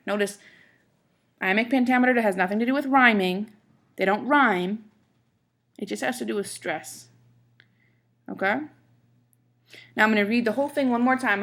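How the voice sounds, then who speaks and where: A woman's voice: mid-range voice, a bit bright. A woman teaching a class, explaining step by step, checking in with her listeners and reading verse aloud with marked stresses. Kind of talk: classroom lecture on poetry.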